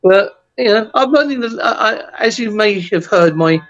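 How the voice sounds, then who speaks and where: A man's voice: high voice, lively intonation, normal speed, fairly bright tone, highs cut off. A man with an Essex English accent, chatting casually on a video call and telling rambling stories with lots of restarts. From England. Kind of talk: casual chat, storytelling.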